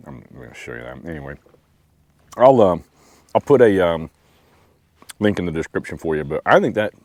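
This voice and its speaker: A man's voice: low-pitched, sing-song, moderate pace, a little mellow, no room sound, studio quality. A man, rambling casually in an outdoor camping vlog and talking to his dog. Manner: laid-back, rambling, talks to his dog. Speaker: outdoor vlogger. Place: outdoors at a lakeside campsite.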